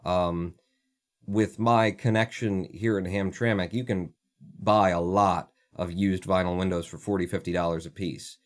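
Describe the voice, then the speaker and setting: A man's voice: deep voice, steady tone, unhurried. A man hosting a casual livestream, ranting sarcastically and swearing freely as he chats. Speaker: livestream host.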